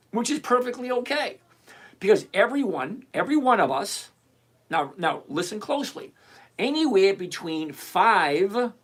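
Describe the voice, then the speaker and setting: An older retired man hosts a live stream, chatting casually yet emphatically as he answers viewer questions by name. His voice sits high with a fairly bright tone.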